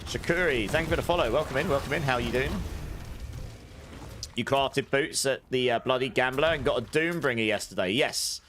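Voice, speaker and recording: A man chats loudly to his live stream viewers while he plays, his breaths clearly audible between sentences on a high-gain desk mic. He rambles and corrects himself in an easy, mid-pitched voice. A clear background noise runs under the recording. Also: fairly quick. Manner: rambling, self-correcting chatter. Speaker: game streamer. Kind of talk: casual chat with live viewers. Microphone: desk studio mic with high gain.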